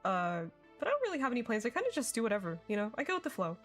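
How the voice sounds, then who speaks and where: A woman's voice: on the high side, big pitch swings, very fast, faint music behind. A young woman streaming a game, chatting casually and giggling as she reads her chat.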